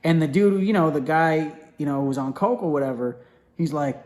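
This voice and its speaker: A young man with a slightly high voice for a man tells a personal story loosely and casually. Animated, he keeps restarting sentences, uses many fillers, and slips into quick impressions of the people he mentions.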